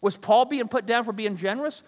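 A man's voice: high-pitched, a little fast. A man pastor preaching a sermon, firing off rhetorical questions and joking asides. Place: church sanctuary. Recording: long hall reverb.

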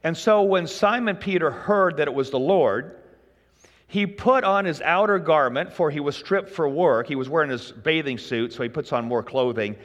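A man delivering a casual, joking sermon to his congregation, his voice sitting a little high for a man. It rings with the long reverb of a church hall. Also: normal speed, a bit bright, highs cut off. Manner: folksy, conversational, jokes with the congregation. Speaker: pastor.

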